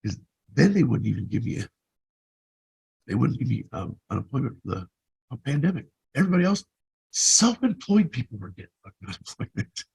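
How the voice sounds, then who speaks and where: A man's voice: medium pitch, sing-song, brisk, vocal fry, a little mellow, breathy edge, low-quality recording. A man in his fifties who vlogs, telling his own story in a blunt, profane, rambling way. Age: 50s. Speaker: vlogger. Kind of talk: casual personal storytelling.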